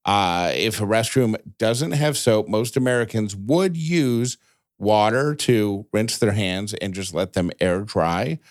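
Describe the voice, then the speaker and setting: A man's voice: mid-range voice, no room sound. A man co-hosting a podcast in casual chat, with a dry joking manner, who also reads short news items. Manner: dry joking, stumbles and restarts. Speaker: podcast co-host.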